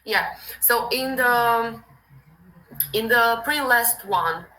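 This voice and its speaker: A native Italian speaker with an Italian accent teaches pronunciation in a casual online lesson, her fairly high voice bright and forceful yet extremely slow. She patiently corrects her student, explaining in hesitant English, and the recording is rough.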